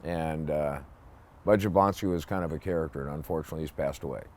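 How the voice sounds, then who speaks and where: An older man, a former police officer, telling a casual anecdote in a blunt, salty way and acting out the gruff lines of others. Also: rumbling low, quick pace, a little hiss or hum. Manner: blunt, salty storyteller who acts out gruff quoted lines.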